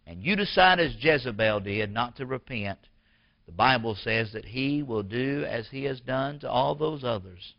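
A male pastor delivering a sermon at an ordinary pitch for a man, his delivery emphatic and building to louder, higher peaks. He asks the congregation questions as he goes. The recording sounds dull and lo-fi. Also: a little slow.

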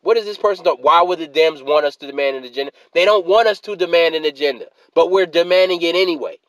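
A man delivers a heated video-essay rant in a fairly high voice, sounding exasperated and worn out from work. The recording is dry and close, with no room sound. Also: fast talker, fairly bright tone, no room sound, low-quality recording. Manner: exasperated, repeatedly asks what are you talking about. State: tired after a work shift. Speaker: political commentator.

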